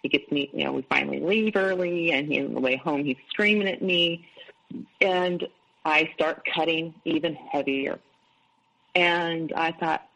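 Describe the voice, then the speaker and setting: A woman's voice: sits low, a little slow, vocal fry, fairly bright tone, rough recording. A middle-aged woman, an interview guest, candidly recounting her own experiences and quoting what others said. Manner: candid, recounts events with quoted dialogue. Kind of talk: personal storytelling.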